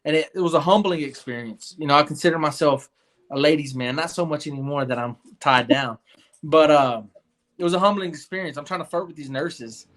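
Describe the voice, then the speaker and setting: A young man recounts his experiences in a loose, earnest interview manner. He rambles and restarts his sentences, filling gaps with "you know", and his voice sits a little high for a man. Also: a little fast, a bit bright. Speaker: guest. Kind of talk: casual storytelling interview.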